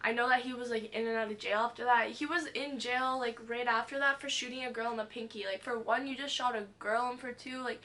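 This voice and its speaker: A woman's voice: a little high, fairly quick, hardly any pauses. A young woman vlogger telling a wild story from her past in a storytime vlog, full of "like" and swearing, acting out what people said. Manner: fillers "like" constantly, animated retelling, swears.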